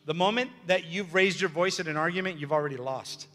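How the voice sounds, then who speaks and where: A man's voice: fairly high pitch, fairly quick, pushed and bright, a little hiss or hum. A man preaching a sermon as pastor, emphatic and repetitive, with joking asides. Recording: long hall reverb with faint music.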